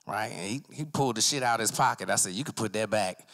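A man doing a stand-up comedy set at an arts center comedy night, telling profane stories and acting out other people with sudden jumps up in pitch. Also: fast talker, creaky. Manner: acts out other people in his stories, voice jumping high with excitement; profane, loose storytelling. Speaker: stand-up comic.

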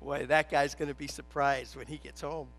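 A man's voice: a little high, level tone, normal speed, a bit bright. A man preaching a sermon in a church, stressing his points with repetition and telling a joke story. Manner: emphatic, repeats key phrases.

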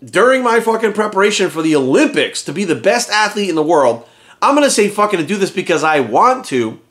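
A man's voice: high-pitched, a bit bright. A middle-aged man and fitness coach ranting to his viewers in blunt, profane, exasperated commentary.

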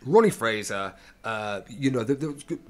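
A man, an actor guest, telling animated anecdotes in an interview, stumbling and restarting often. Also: mid-range voice. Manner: animated, halting with many restarts, acts out voices in quotes.

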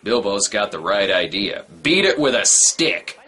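A man's voice: lowish voice, very animated, unhurried, bright, forceful tone, husky, soft background music. A man giving sarcastic, wisecracking comedic commentary on a movie he is reviewing. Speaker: film review host.

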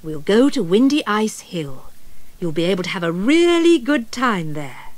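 A woman's voice: mid-range voice, very animated, normal speed, a little mellow, no echo, lightly acted. A woman voicing a patient mother polar bear in a soothing, reassuring manner. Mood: calm.

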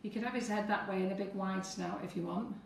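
A woman's voice: medium pitch, fast, gravelly, far from the mic, slight background noise. Woman, cake decorating tutor, chatty, live tutorial, echoey room, away from the mic. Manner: chatty, talks viewers through each step.

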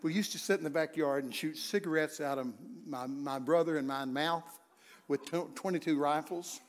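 A man's voice: a little high, moderate pace. An older man preaching a humorous, folksy sermon full of stories, often laughing and acting out voices.

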